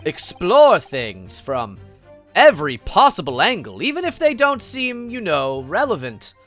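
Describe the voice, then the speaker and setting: A woman's voice: fairly low pitch, wildly swooping pitch, a little slow, a bit bright, soft background music, full character voice. A woman voicing a nervous but determined young male defense lawyer in a game read-along, earnest and insistent.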